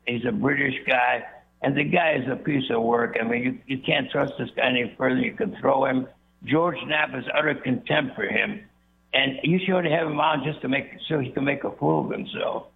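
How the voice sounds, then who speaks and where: Male caller, gravelly, phone line, emphatic, scornful. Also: mid-range voice, normal speed.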